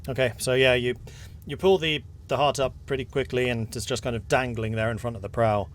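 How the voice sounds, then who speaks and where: Relaxed male game master narrating. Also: medium pitch, a little fast.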